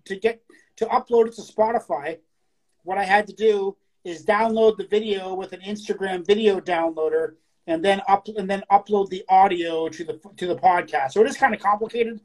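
A woman co-hosting a casual podcast, talking bluntly with lots of profanity and reading poems aloud slowly. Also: medium pitch, a little mellow, rough recording. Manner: crude, blunt, profane talk. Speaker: podcast co-host. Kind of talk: casual chat.

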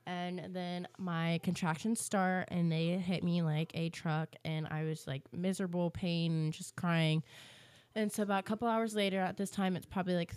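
A woman's voice: fairly low pitch, clean tone, no echo. Chatty young woman telling a story. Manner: chatty, animated retelling with many "like"s. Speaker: podcast co-host. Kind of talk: casual storytelling chat.

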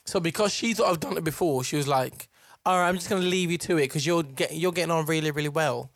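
A man's voice: a little high, fast, no echo, clean studio sound. Young man telling a story. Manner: animated storyteller, acts out voices and laughs. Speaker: podcast co-host. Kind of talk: casual chat.

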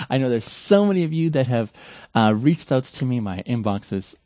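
A man's voice: mid-range voice, darkish tone, no room sound. A man in his late thirties to forties, a former church leader, giving a heartfelt, reflective live-stream talk to his followers and often circling back mid-sentence. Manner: earnest and heartfelt, with repeated restarts. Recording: dull lo-fi, dry sound.

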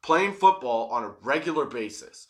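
A man's voice: mid-range voice, moderate pace. A young man casually telling a profane story, laughing often. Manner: profane, laughing, animated retelling.

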